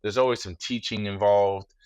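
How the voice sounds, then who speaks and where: A man in his thirties talks as a guest in a relaxed interview. His low voice is measured and reflective, and he often drops in "you know." The recording is close and dry. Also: clear, resonant tone, no room sound, dull audio. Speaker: guest, former football player.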